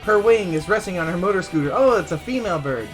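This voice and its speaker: A man streaming a visual novel, reading the lines aloud in a playful, animated manner. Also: high-pitched, quick pace, soft background music.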